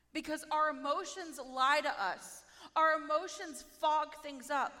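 High, slow-speaking woman in an echoey hall. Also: sharp tone. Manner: tearful, heartfelt, slow storytelling. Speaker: speaker sharing testimony. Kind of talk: emotional testimony sermon. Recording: echoey hall with long reverb.

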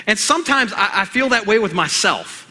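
A man preaching a sermon in an animated, conversational way, firing rhetorical questions at the congregation. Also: sits high, a little fast, big-room sound.

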